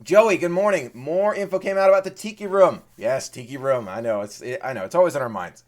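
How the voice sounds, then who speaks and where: An eager man chatting casually on a live stream, often doubling up his words as he greets viewers. His voice sits a little high for a man. He is a host from Maryland. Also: fairly quick.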